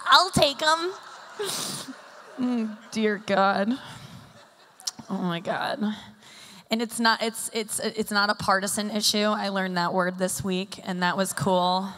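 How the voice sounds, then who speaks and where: Bright-voiced woman doing stand-up in a hall. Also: medium pitch, slow, slight background noise. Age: 30s. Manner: rambling and self-deprecating, full of filler "like"s. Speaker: stand-up comedian. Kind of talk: live stand-up set. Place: stage at a live summit event. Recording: echoey hall with long reverb.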